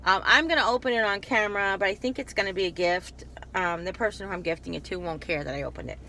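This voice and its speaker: Bright-voiced chatty woman vlogger. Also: medium pitch, quick pace, a little hiss or hum. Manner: chatty, digressive, self-interrupting. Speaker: YouTube haul vlogger. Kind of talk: casual rambling haul video.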